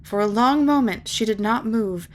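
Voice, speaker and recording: A woman reading a fantasy novel aloud in measured, lyrical narration. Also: fairly high pitch, slight background noise. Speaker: reader. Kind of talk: audiobook narration.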